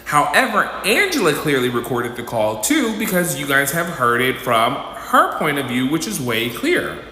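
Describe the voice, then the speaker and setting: A man's voice: medium pitch, moderate pace. A man telling a dramatic storytime in casual commentary, acting out the people he quotes. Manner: animated, dramatic retelling that acts out quotes. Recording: echoey reverberant room with faint noise.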